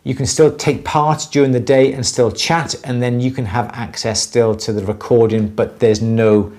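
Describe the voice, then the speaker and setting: A man's voice: mid-range voice, flat delivery, moderate pace, a little mellow. A man co-hosting a jewellery livestream, chatting in a loose, rambling way and often repeating himself. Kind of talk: casual livestream chat.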